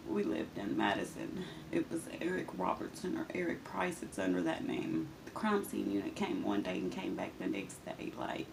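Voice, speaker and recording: A woman's voice: very deep voice, sing-song, normal speed, creaky, few pauses, slight background noise, rough recording. A woman speaking in a raw, emotional confessional monologue, swearing and venting, often talking straight to people who are not there. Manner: addresses absent people directly.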